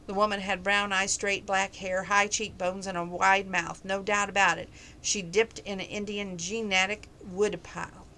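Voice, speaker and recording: Woman reader, casual novel read-aloud, bright tone, trips and corrects herself. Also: mid-range voice, level tone, normal speed, a little hiss or hum, poor audio. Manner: casual reading with slips and self-corrections.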